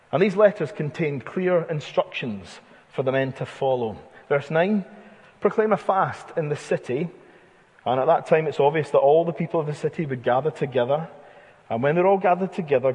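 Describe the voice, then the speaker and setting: A man's voice: fairly high pitch, a little mellow. A man in his thirties preaching an expository sermon, retelling the scripture in a vivid storyteller's way. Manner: vivid storytelling, dramatizing the text with asides. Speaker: pastor. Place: church hall. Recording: husky voice in a church hall with long reverb.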